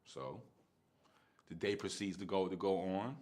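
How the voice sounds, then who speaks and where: A man's voice: low voice, fairly even intonation, unhurried, darkish tone. A man, telling a story in casual, slangy street talk and laughing often.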